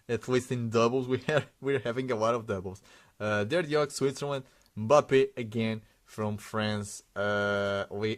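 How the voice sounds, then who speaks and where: A man hosting a sticker unboxing, giving casual running commentary and reading out names one after another with frequent hesitations. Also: medium pitch.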